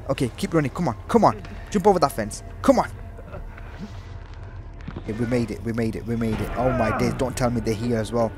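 A man's voice: mid-range voice, a little fast, soft background music. A young man doing let's play commentary on a horror game, swearing constantly and yelping in panic. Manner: jumpy, swears constantly, yelps and shouts in panic. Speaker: gaming commentator.

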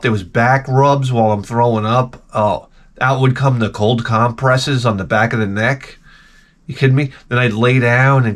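A man's voice: medium pitch, normal speed, a bit bright. A middle-aged man telling rambling, self-mocking stories with casual swearing as a video host.

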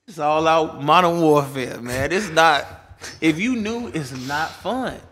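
A man's voice: on the high side, slow, fairly bright tone. Joking young man from Chicago. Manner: joking, profane, rambling storyteller. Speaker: DJ guest. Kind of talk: casual interview chat.

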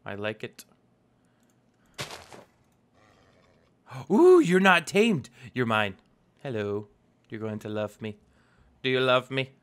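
A man's voice: fairly low pitch, fairly even intonation, a little slow, pauses often, fairly bright tone, clear, resonant tone. Chatty young man doing game commentary. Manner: chatty, talks to in-game animals, playful. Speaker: let's play host. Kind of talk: casual gameplay commentary.

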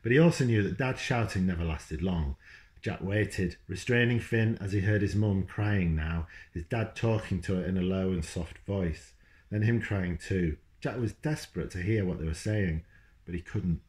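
A man's voice: sits low, normal speed, darkish tone. A man, a children's author, reading his book aloud at home and stopping now and then to talk to his dog. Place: at home, indoors. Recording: roomy echo.

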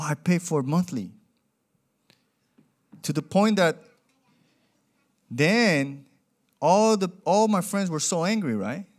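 Lively young male preacher. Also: a little high. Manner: animated, acts out quoted voices, non-native grammar. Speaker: pastor. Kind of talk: sermon with storytelling.

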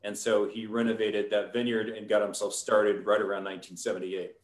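A man, a winemaker, telling a long story in a relaxed, rambling way on a live stream, with many fillers. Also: lowish voice, a little fast, reverberant.

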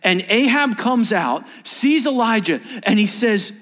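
Animated high-voiced male preacher. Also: unhurried, hardly any pauses. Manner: animated storytelling, acts out scenes. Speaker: pastor. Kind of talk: sermon. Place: large church auditorium. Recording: echoey large hall.

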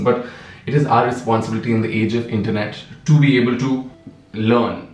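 Young man with an Indian accent, effeminate, passionate vlog rant, mic at a distance in an echoey room. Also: mid-range voice. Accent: Indian-accented English. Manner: effeminate, impassioned and emphatic. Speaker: vlogger. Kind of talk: get-ready-with-me vlog rant.

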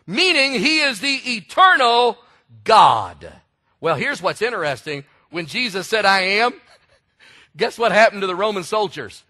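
A male preacher delivers a sermon in a high, bright and forceful voice. He tells stories with lively energy and now and then bursts into shouts to drive a point home. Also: measured pace. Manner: animated storytelling preacher, shouts for emphasis. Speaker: pastor.

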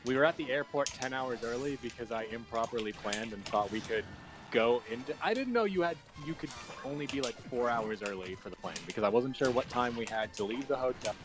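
A man's voice: mid-range voice, lively intonation, fairly quick. A young man casually chatting while streaming a game, joking, riffing and swearing loosely. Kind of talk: casual gaming stream chat. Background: game music.

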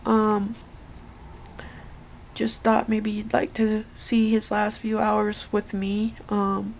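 A woman vlogger talking softly to her old cat and her viewers, in tender coaxing baby talk, sometimes whispering. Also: mid-range voice, completely flat delivery, creaky, highs cut off, a little hiss or hum. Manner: slow, gentle, at times whispered. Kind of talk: soft chat to a pet and viewers.

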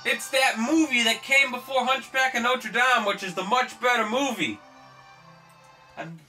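A man's voice: extremely high pitch, measured pace, bright, forceful tone, far from the mic, soft background music. A man co-hosting a let's play, joking, teasing and laughing with his friend. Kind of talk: joking gameplay banter.

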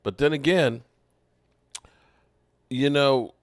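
This sports podcast host speaks in a medium-pitched male voice, stretching out his words. He muses casually and keeps starting over mid-thought, and the recording has no room sound.

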